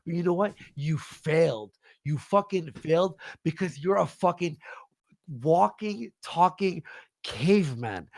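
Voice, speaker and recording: A male livestream guest angrily rants, shouting profane insults in a heated tirade. His voice is a little high with lively intonation and vocal fry, delivered at a measured pace. The recording is dry, with clean studio sound.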